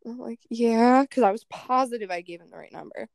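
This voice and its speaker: A woman's voice: fairly high pitch, rapid-fire, gravelly, dry recording. Young woman telling a story, swearing. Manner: animated, swearing, acts out quotes. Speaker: podcast co-host. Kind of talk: casual storytelling chat.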